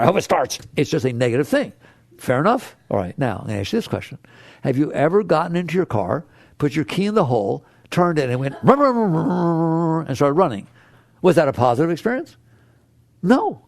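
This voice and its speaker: Animated high-pitched male spiritual teacher. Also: no echo, clean studio sound. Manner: animated and playful, swinging from low hushed tones to high excited exclamations; acts out voices and inner thoughts. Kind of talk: spiritual talk to an audience.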